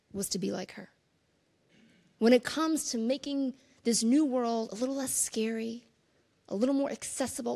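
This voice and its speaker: Speaking earnestly and conversationally, a woman delivers a conference keynote with casual asides to her audience. Her voice is fairly high, creaky, and mellow.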